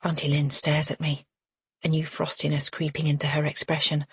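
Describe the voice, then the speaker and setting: A woman reading a first-person thriller audiobook in a measured, steady way. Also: sits low, slightly rough, dry recording, studio quality. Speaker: audiobook narrator.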